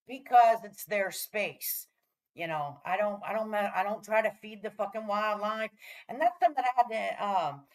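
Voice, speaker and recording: A woman's voice: mid-range voice, poor audio. A middle-aged woman ranting casually to her viewers in a profane, rambling, heated way, often checking in with "all right?". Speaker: vlogger. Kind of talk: casual rant to camera.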